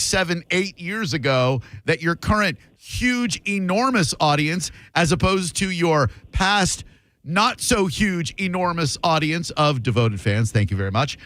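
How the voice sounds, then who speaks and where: A man's voice: fairly high pitch, fairly bright tone, no echo. A man hosting a radio show, chatting casually with callers in a sarcastic, playfully mock-indignant way. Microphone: studio microphone.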